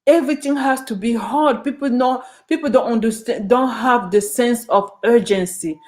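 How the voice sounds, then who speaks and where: A woman's voice: fairly high pitch, normal speed, darkish tone. A woman from Ghana, speaking to her viewers in a casual opinion monologue. She is earnest and passionate and often restarts her sentences. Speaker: vlogger.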